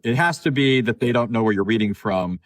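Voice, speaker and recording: A man tells a story on a phone video call, in a relaxed, chatty way. He repeats himself often and acts out both sides of a conversation. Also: medium pitch, brisk. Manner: chatty, repeats words, acts out quoted dialogue. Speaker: guest speaker. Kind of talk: casual storytelling in a live discussion.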